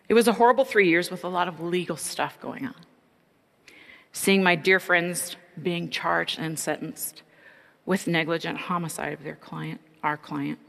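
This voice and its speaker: Earnest middle-aged woman, gravelly low voice. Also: fairly bright tone, in a large hall. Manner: earnest, reflective. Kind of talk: personal testimony.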